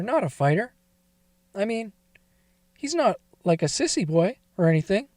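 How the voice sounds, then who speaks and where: A man's voice: high-pitched, very animated, normal speed, pauses often, darkish tone, no echo, studio quality. A man telling a first-person confessional story in a confiding, emotional way that wavers toward tears.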